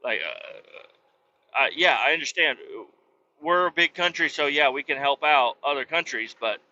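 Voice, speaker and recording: A man's voice: on the high side, unhurried, sharp tone, muffled recording. A man hosting a podcast, ranting about politics in a rambling, profanity-heavy way. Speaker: podcast host.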